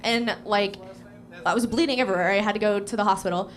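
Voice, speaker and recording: A young stand-up comedian from Portland, Oregon performs a crude, self-mocking set on a small cafe stage. Her mid-range voice moves fast and is packed with fillers.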